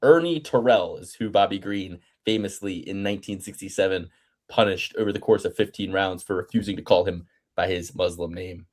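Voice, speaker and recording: A male podcast co-host on a casual fight-picks show talks in an animated, profane way, slipping into mocking impressions. His voice is low-pitched and fairly quick, with a faint Delaware County, Pennsylvania accent.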